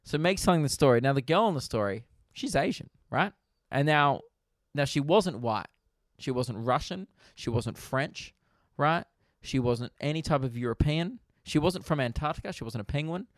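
A man with an Australian accent, a comedian hosting his podcast, ranting casually with animated, profane energy. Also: a little high, moderate pace, no echo, clean studio sound.

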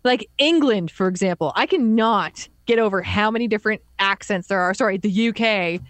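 A woman's voice: mid-range voice, brisk, no echo. A woman from Ontario in casual podcast chat, talkative and full of "like". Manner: chatty, runs on with "like".

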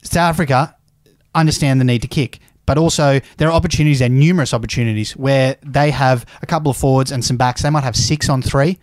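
An easygoing man hosting a rugby podcast, steering the conversation in a mid-pitched voice. The recording is close and dry. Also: steady tone, quick pace, no room sound. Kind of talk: casual sports chat.

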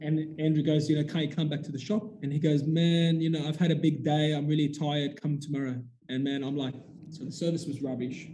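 A man's voice: a little high, level tone, fairly quick, dark tone. A man, telling a story in casual chat, acting out the dialogue with animation and swearing casually. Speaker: business owner telling a story.

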